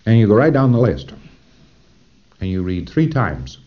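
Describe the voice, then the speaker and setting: Male lecturer, very low voice, emphatic and chatty, lo-fi vintage recording. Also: sing-song, moderate pace, long pauses. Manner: conversational, emphatic, asks listeners "see?".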